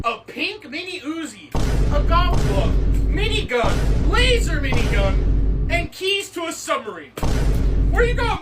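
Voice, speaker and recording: A woman voicing a bossy airport security guard who talks loudly and officiously. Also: very high voice. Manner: officious, loud, reading lists. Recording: distant mic with noise.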